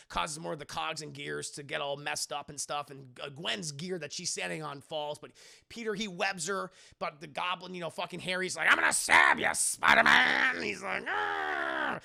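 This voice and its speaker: A young man streaming a casual, profane film recap, animated and full of acted-out lines. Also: a little high, a little fast, gravelly. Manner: animated, profane, acts out scenes in voices. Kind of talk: casual chat.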